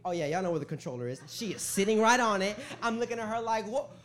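A man's voice: high-pitched, animated, quick pace, fairly bright tone. A young man preaching a sermon in a church, joking with the crowd and telling stories in casual slang. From Hispanic family in the US. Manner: hype-man calls to the crowd, jokey; conversational, slangy storytelling. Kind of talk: sermon with prayer and storytelling. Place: church sanctuary.

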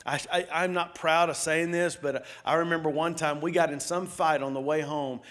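A middle-aged man preaching as a pastor, telling stories and asking the congregation questions, swinging between loud outbursts and hushed asides. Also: a little high, steady tone, normal speed. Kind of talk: sermon.

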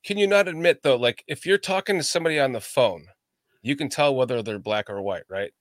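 A man's voice: medium pitch, a little fast, dry recording, clean studio sound. Profane Chicago man telling stories. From Chicago area. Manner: profane, animated storyteller, laughs often. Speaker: podcast host. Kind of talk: casual podcast chat. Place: lives in the American South.

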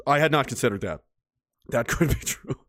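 A man's voice: mid-range voice, expressive, brisk, a bit bright, no room sound, studio quality. A man ranting sarcastically and swearing freely, reading and answering his chat in a livestream.

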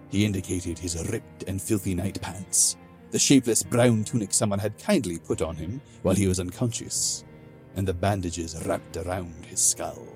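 A man reading fantasy fiction aloud in a slow, measured manner. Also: sits low, fairly even intonation, darkish tone, soft background music. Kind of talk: audiobook narration.

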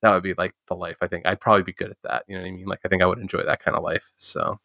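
Fast-talking deep gravelly man. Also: little pitch movement, pushed and bright, no echo, clean studio sound. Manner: rambling, swears often, heavy use of "like". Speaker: drummer and comic artist. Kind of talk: casual chat.

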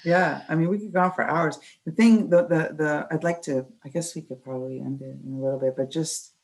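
A woman's voice: deep voice, a little fast, rough recording. A woman hosting a podcast, earnest and emphatic, talking from her own life as a mother. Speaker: podcast host. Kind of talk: casual chat.

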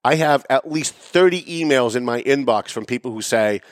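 A man hosting a political commentary show, talking sarcastically and emphatically. He swings between raised, pointed emphasis and low asides. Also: lively intonation, normal speed, dry recording, clean studio sound. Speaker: show host. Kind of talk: opinionated political commentary monologue.

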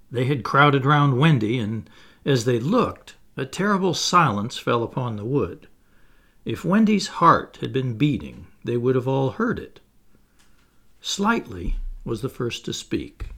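A man narrates a children's novel slowly. His pitch rises and falls widely, and his tone is a little breathy. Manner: slow, expressive storytelling. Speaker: audiobook reader. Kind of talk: scripted narration.

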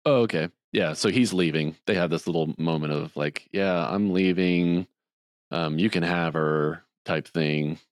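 A man's voice: a little slow, no room sound, clean studio sound. A man co-hosting a podcast, rambling through a movie plot in casual chat and acting out the characters' lines. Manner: rambling, acts out characters' lines in higher voices. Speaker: podcast co-host.

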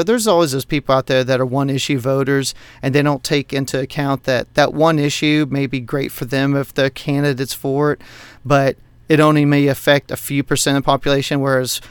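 A man from Texas co-hosting a casual podcast, telling a story in an animated way, with lots of swearing and laughter. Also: medium pitch, clear, resonant tone, no echo. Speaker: podcast co-host. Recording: dry close mic, online call.

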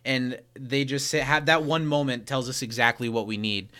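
A man's voice: mid-range voice, fairly even intonation, moderate pace, pushed and bright. A young man co-hosting a podcast, chatting casually as he recaps a TV episode and acts out lines from its scenes. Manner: retells scenes by quoting lines, laughs often. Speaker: podcast co-host.

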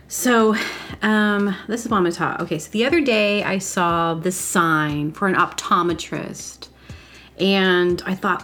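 A woman's voice: lowish voice, normal speed, fairly bright tone. A woman hosting a podcast, talking in a rambling comedic monologue, often breaking off and restarting her thoughts. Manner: chatty, self-interrupting, trails off mid-thought. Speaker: podcast host.

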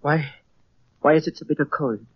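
A man's voice: a little high, steady tone, normal speed, husky, no echo. A frightened Frenchman. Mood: grave. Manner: tense, urgent, fearful. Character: frightened French man who believes in a caveman. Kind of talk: 1940s radio acting. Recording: dull lo-fi old radio recording.

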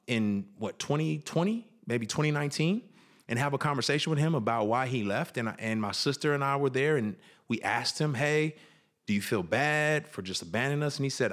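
A man talks earnestly about his own past, pausing, restarting and slowing down on the heavy parts. His voice sits at an ordinary middle pitch. The tone is reflective and sincere, like a candid personal conversation. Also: lively intonation, a bit bright. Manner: earnest and reflective, with many restarts and vivid retold quotes. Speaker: guest sharing his life story.

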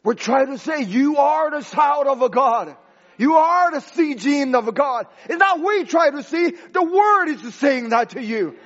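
A man preaching a sermon as pastor, impassioned and rising to shouts, with broken grammar. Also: very high-pitched, expressive, measured pace, highs cut off.

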